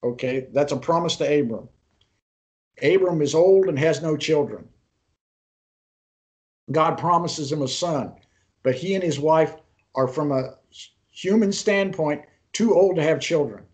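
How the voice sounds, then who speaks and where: Higher-voiced man teaching a Bible class. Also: a little mellow. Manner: unhurried storytelling, pauses and restarts mid-sentence; poses questions to the class. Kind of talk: online class lecture.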